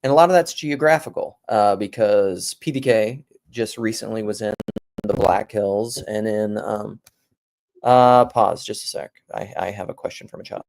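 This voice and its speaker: Speaking in a lowish, somewhat mellow voice with vocal fry, this South Dakota man talks at a moderate pace. His casual talk is digressive, wandering between thoughts as he keeps restarting and correcting himself.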